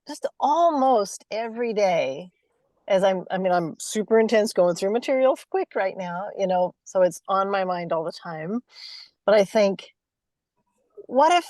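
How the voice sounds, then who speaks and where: A woman in a course group, sharing in a bubbly, laughing way with quick storytelling. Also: mid-range voice, darkish tone, dry recording. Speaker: course participant. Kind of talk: casual group share.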